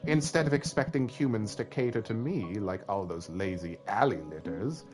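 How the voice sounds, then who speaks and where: A man's voice: on the low side, moderate pace, music in the background, close to an everyday voice. A man voicing a vain male cat spirit from a video game who brags about himself and tacks meows onto his lines. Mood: boastful.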